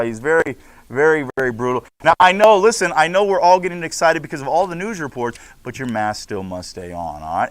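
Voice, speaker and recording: A man's voice: mid-range voice, dry recording. A man teaching a school class, playful and joking with his students in a classroom. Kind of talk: classroom instruction.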